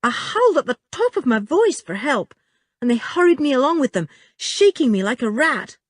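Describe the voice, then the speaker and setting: A woman's voice: high-pitched, sing-song, normal speed, no echo, clean studio sound, voice pushed up. A woman reading an audiobook, voicing a plucky young boy with an injured ankle who tells his story earnestly.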